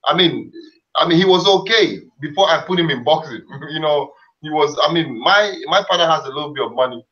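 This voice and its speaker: Middle-aged man, fairly high voice, earnest, rambling, lo-fi recording. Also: lively intonation, fairly quick, sharp tone. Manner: earnest, rambling, many fillers and restarts. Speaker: boxer's father and trainer. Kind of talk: casual interview talk. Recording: dull lo-fi sound.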